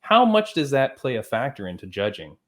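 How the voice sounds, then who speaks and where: A man's voice: medium pitch, huge pitch swings, brisk, fairly bright tone. A man hosting a podcast, asking casual, friendly questions and checking in with "right?". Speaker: podcast host.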